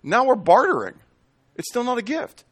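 A man's voice: very high voice, normal speed. A man preaching a sermon, quizzing the congregation and acting out little scenes to explain his point. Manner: animated, asks the room questions and acts out little scenes. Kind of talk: sermon teaching with questions to the congregation.

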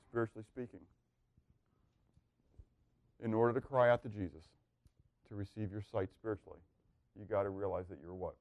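A man preaching a sermon, asking the room rhetorical questions and swinging from hushed, quiet lines to loud, excited ones. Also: fairly low pitch, creaky, no echo. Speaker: pastor.

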